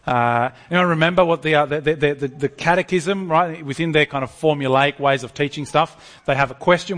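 A man preaching a sermon to a congregation, lively and animated, often stumbling over restarts. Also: fairly high pitch, fairly quick, few pauses, long reverb tail.

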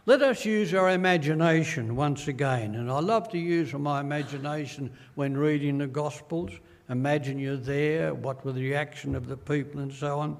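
Preaching a sermon, an older pastor with an Australian accent speaks slowly and earnestly, his voice a little high. He tells stories and performs the quoted voices, and a long reverb tail trails his words.

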